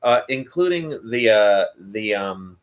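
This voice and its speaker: A man co-hosting a casual film review chat, calm and mostly giving brief agreeing replies. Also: fairly low pitch, takes it slowly. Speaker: co-host reviewing films.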